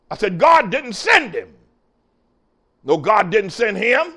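Older male preacher, gravelly, lively pitch that swings high. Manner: preachy, rising to shouts, drawn-out emphatic lines. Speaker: pastor. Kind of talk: sermon.

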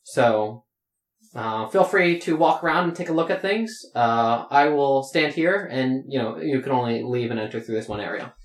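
A man's voice: medium pitch, expressive, normal speed, close to an everyday voice. A man voicing a giddy male castle guard leading a tour, eager and polite. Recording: roomy echo.

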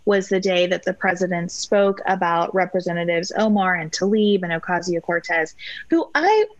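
A woman, a podcast guest and author, talking in an earnest, reflective way in measured full sentences. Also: fairly low pitch, no room sound, muffled recording. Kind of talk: conversational interview.

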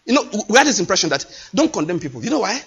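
A man's voice: high voice, very animated, racing, breathy edge. A man preaching a sermon, impassioned and emphatic, repeating his phrases. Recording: dull lo-fi recording.

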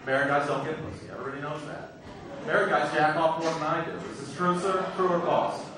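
A man's voice: on the high side, little pitch movement, fast talker. A man doing stand-up comedy in a club, brashly teasing the crowd with crude jokes, heard from far off in an echoey room.

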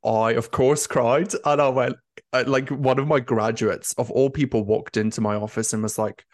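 A man's voice: mid-range voice, steady tone, moderate pace, no room sound, studio quality. A young man, a nurse turned career coach, talking openly and emotionally in an interview, with lots of "like" fillers. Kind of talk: candid conversational interview.

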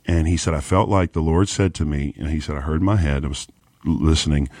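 A man's voice: extremely low pitch, a little fast, a little mellow, no room sound, clean studio sound. A man, a pastor, earnestly retelling a conversation on a podcast, quoting the other person's words. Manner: earnest retelling with quoted dialogue. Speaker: pastor and conference speaker. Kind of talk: storytelling on a podcast.

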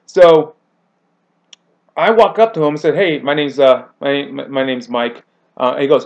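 Man, podcast coach, lively storyteller, slightly high pitch, dull lo-fi audio. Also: moderate pace, gravelly. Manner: animated storyteller, acts out quotes with big pitch jumps. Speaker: grappling coach. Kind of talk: casual podcast chat.

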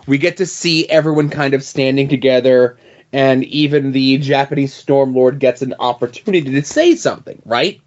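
A man co-hosting a casual podcast, calmly walking through the details of a comic book scene. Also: medium pitch, normal speed, muffled recording. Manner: explains story details step by step. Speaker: podcast co-host.

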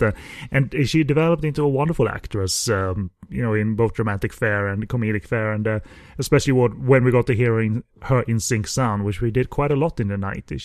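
A man's voice: fairly low pitch, dry recording. Man chatting about films, dry sound. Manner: relaxed, hesitant with many fillers and restarts. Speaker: podcast co-host. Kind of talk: casual film review chat.

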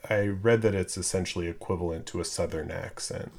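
A man's voice: deep voice, fairly even intonation, a little fast. A man co-hosting a film podcast, talking casually and hesitantly with many fillers and restarts. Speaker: podcast co-host.

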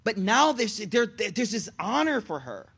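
A young man giving a casual, animated sermon to young people, telling stories in slang and acting out the people in them. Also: high-pitched, unhurried, vocal fry, slightly rough. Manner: animated, slangy, storytelling with quoted voices. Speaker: religious teacher.

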